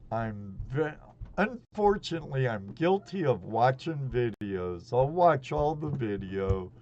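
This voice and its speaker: A man in his sixties hosts a relaxed live stream. He talks in an unhurried drawl with a gravelly edge, and his rambling, chummy chat comes through dull lo-fi stream audio. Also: lowish voice, a little hiss or hum. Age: 60s. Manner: greets chat viewers by name, rambling and chummy.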